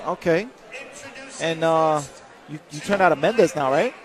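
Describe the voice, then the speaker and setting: Man co-commentating boxing live, brisk n upbeat, slightly high voice, crowd in the back. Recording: crowd noise at a live event.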